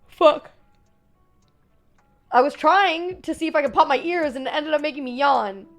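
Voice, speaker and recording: A woman's voice: high voice, a little fast, faint music behind. A young woman streaming from her room at home, chatting casually with viewers, reading chat aloud and joking between giggles.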